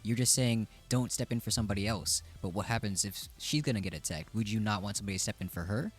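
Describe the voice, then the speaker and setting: A man's voice: on the low side, fast, soft background music. A man hosting a casual chat stream, talking in a laid-back, rambling way that trails off and restarts.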